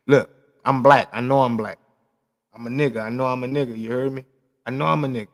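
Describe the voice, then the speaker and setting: Gravelly Los man ranting casually. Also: mid-range voice, fairly even intonation, fairly quick, long reverb tail. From South Central Los Angeles. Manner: loose, profane, emphatic, repeats himself. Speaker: vlog host. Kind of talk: casual monologue to camera.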